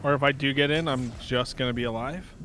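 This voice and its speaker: A man streaming a video game, chatting casually with a teammate and reacting with quick exclamations. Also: mid-range voice, steady tone, fairly bright tone, a little hiss or hum. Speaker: streamer playing a battle royale game. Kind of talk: casual gaming chat.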